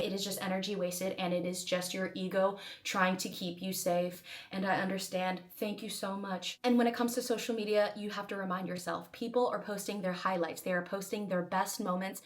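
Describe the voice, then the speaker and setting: A woman's voice: mid-range voice, flat delivery, fairly quick, few pauses, dry recording. A woman actress answering viewer questions in an advice vlog, speaking in an earnest, encouraging, direct way.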